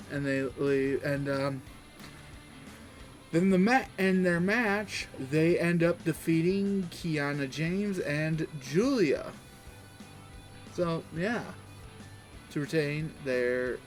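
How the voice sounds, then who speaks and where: A man's voice: fairly high pitch, slow. A man casually recapping the week's events, rambling and loosely quoting people as he goes. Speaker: wrestling recap host. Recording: faint background music.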